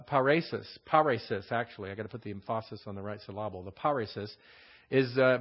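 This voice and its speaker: A man teaching a verse-by-verse Bible study, explaining words and asking rhetorical questions with many fillers. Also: medium pitch. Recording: dull lo-fi sound.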